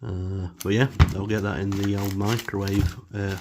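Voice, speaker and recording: A man's voice: on the low side, flat delivery, normal speed, background noise. A man casually reviewing supermarket food in his home kitchen, rambling with many fillers and wry asides.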